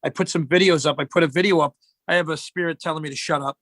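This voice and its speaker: Bright-voiced middle-aged man telling stories. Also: a little high, fairly even intonation, quick pace, no room sound. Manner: rambling, joking storyteller. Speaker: guest. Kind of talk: casual chat.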